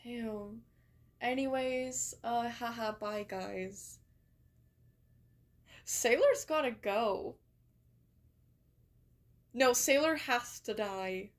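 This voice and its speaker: A young woman from England talks on a live stream in a casual, rambling way. Her voice sits a little high. She reacts to her chat, swears freely and laughs easily. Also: extremely slow, pauses often.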